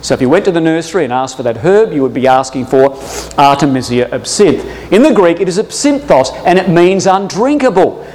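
A man teaching a Bible class to a live audience, jokey and animated, often addressing his listeners as brothers and sisters. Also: on the high side, a little fast, hardly any pauses, slight background noise. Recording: long echo of a hall.

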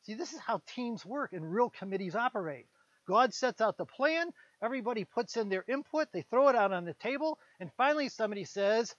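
A man preaching a conversational sermon, retelling a Bible story with quick voiced asides for its characters. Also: high voice, expressive, a bit bright, no room sound. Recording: dull, lo-fi sound.

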